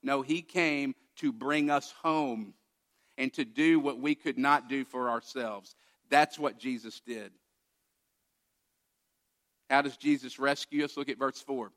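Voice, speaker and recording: Bright-voiced, emphatic male pastor. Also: medium pitch, steady tone, slow, pauses often. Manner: emphatic preaching with rhetorical questions. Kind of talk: sermon.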